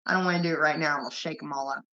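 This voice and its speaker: A woman's voice: low voice, fairly even intonation, very fast, pushed and bright. A young woman hosting a livestream, telling rambling stories full of profanity in casual chat. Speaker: livestream host. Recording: muffled lo-fi stream audio.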